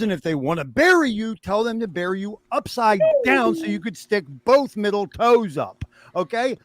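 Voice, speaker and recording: A man's voice: high-pitched, sing-song, moderate pace, few pauses. A man in his fifties talking candidly as a guest on a livestream, emphatic and profane as he rallies the listeners. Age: 50s. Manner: emphatic and profane, rallying talk. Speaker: stream guest.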